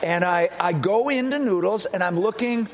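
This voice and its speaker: A man's voice: high-pitched, moderate pace, a little hiss or hum. A middle-aged male pastor telling a personal story in an earnest sermon, often restarting his sentences.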